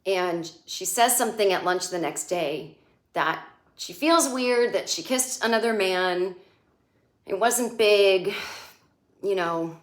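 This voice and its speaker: A woman in her forties riffs on a TV episode in a loose, sarcastic stand-up manner, cursing freely and slipping into the characters' lines. Her voice sits at an ordinary middle pitch. The room around her rings with a noticeable echo. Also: slow pace. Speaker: comedian recapping a TV show. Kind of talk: casual comedic recap. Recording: echoey room.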